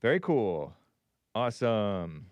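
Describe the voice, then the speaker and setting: A man's voice: on the low side, big pitch swings, slow pace, a little mellow, dry recording. A man hosting a live call-in stream, musing aloud with frequent chuckles and reading viewer comments.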